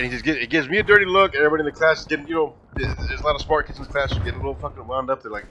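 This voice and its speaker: A young man in his twenties telling a funny, profane story from school in a casual, animated way. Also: a little high, fast talker, a little hiss or hum. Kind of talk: casual storytime over gameplay.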